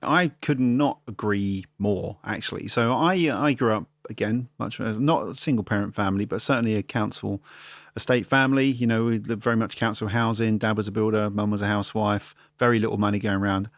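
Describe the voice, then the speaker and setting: A man's voice: fairly low pitch, fairly even intonation, a little fast, hardly any pauses, dry recording. A man from London hosting a podcast, chatting casually and telling stories with self-deprecating humour. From London, England. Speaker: podcast host. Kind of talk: casual interview chat.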